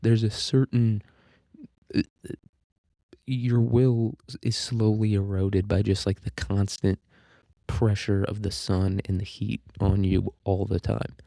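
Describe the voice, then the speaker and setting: Male podcast host, low, dark and mellow, dry booth sound, loose rambling delivery with fillers. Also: little pitch movement, slow, creaky, no room sound. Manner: rambling and offhand, crude jokes, frequent fillers and restarts. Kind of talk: casual solo podcast monologue.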